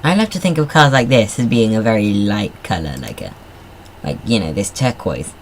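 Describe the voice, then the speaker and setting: A man's voice: fairly low pitch, sing-song, moderate pace, slight background noise. Chatty man narrating gameplay. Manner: rambling, chatty, self-deprecating asides. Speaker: gamer. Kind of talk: casual gameplay commentary.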